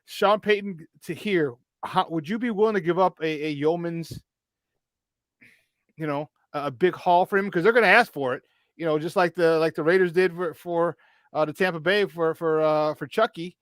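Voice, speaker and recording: An animated male sports talk host chatting casually from a remote virtual studio. His voice sits a little high for a man and bursts with energy. The sound is dry, with no room echo. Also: moderate pace. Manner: excitable, animated storyteller.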